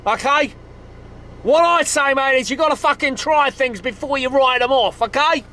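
A man's voice: very high-pitched, normal speed, sharp tone. A man playing a crude, foul-mouthed Australian woman who bullies her boyfriend, in a swearing, domineering comedy-sketch manner. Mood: bossy. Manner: swears constantly, brash and domineering.

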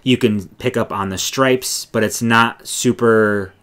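Low-voiced man chatting about knitting. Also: fairly even intonation, a little slow, fairly bright tone, clear, resonant tone. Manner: enthusiastic, meandering, lots of fillers. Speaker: podcast co-host. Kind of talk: casual knitting podcast chat.

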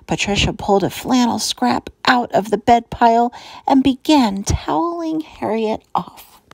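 A woman reading a children's storybook aloud with slow, expressive narration. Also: a little high, gravelly, no room sound, poor audio.

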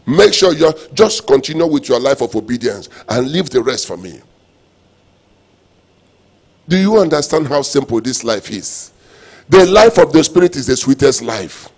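A male pastor preaching a sermon, repeating refrains and breaking into sudden loud, emphatic lines. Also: a little high, breathy edge. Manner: preaching with call-and-response phrases and sudden loud emphatic bursts.

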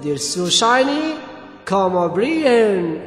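A man voicing an upbeat young explorer girl in a retold cartoon, in a bright, helpful storybook tone. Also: high voice, sing-song, slow, voice pushed down, exaggerated voice. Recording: roomy hall reverb, faint music.

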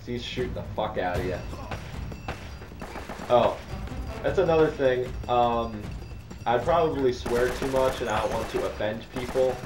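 A man with a Northeastern Ohio accent giving casual, rambling let's-play commentary, chatty and quick to laugh. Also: mid-range voice. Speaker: gameplay commentator. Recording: roomy echo with game music and gunfire.

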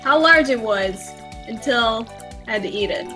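An excitable woman chatting casually and exclaiming while playing a game on a live stream. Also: a little high, moderate pace, music in the background. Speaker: co-player on a stream.

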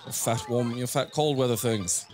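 A man's voice: medium pitch, normal speed. Teasing, foul-mouthed man over game music. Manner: teasing, sarcastic, swears freely. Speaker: let's play co-host. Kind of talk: casual gameplay banter.

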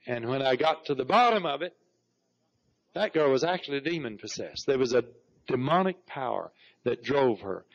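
A man's voice: medium pitch, animated, moderate pace, gravelly. A middle-aged man preaching a sermon, telling stories and breaking into repeated praise. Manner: storytelling preacher, repeats "Praise God" with rising fervor. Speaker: pastor. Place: church sanctuary. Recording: dull lo-fi 1991 church recording.

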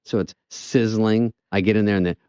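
A male comedian telling casual anecdotes on a talk show, dry and quick, dropping into voices for the people in his stories. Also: lowish voice, steady tone, warm tone, smooth, no echo. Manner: dry storytelling, mimics others in quick voices. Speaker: comedian guest.

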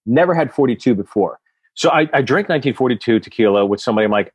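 Podcast guest guy, husky voice, swears and laughs a lot, dry close mic. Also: mid-range voice, fast talker, dry recording, dull audio. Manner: lively, swearing, laughs often. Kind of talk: casual storytelling chat.

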